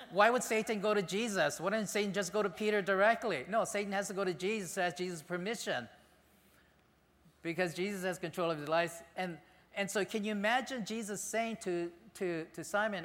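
A man pastor giving a conversational, animated sermon in a church sanctuary. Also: high voice, fairly quick, in a large hall.

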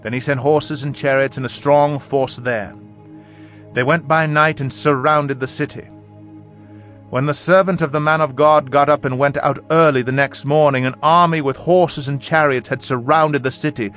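A man reading scripture aloud in a measured, even voice. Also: fairly high pitch. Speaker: Bible reader. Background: faint background music.

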